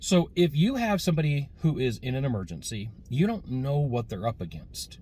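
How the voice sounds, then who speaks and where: A man's voice: medium pitch, sing-song, normal speed, warm tone. Rambling male sales trainer telling a story. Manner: casual, rambling, many fillers and restarts. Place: in a car.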